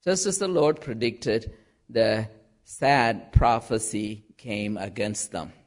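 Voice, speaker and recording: A man preaching a sermon, reading scripture aloud and repeating chanted phrases, with frequent "uh" fillers. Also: lowish voice. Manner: slow, deliberate preaching with chanted quotes and fillers.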